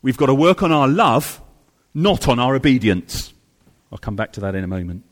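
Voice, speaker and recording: A male preacher delivering a sermon with a lively, swooping pitch, repeating key phrases for weight. He drops to hushed, low lines and then climbs back up to stress his point. The sound rings with a long reverb, as in a church hall. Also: normal speed. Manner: emphatic, repeats phrases, swings from soft to loud.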